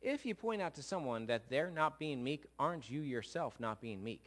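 Speaking at a normal pace in an expressive mid-range voice, this middle-aged pastor preaches in the church sanctuary. His style is chatty and jokey, and he regularly checks in with the people in the pews.

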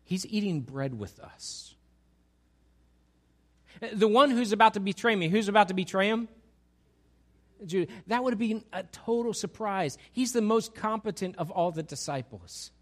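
A male pastor preaching a sermon and asking his congregation rhetorical questions. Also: high voice.

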